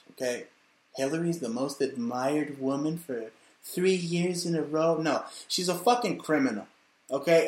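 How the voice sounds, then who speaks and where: A man hosting a comedic monologue, ranting crudely and aggressively with shouted outbursts. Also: medium pitch, echoey room. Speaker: host.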